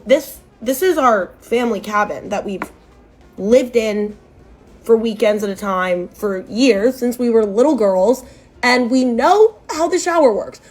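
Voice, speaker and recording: A young woman with a fairly high voice narrates a scripted storytime. She sounds sarcastic and exasperated, and her pitch leaps up sharply when something annoys her.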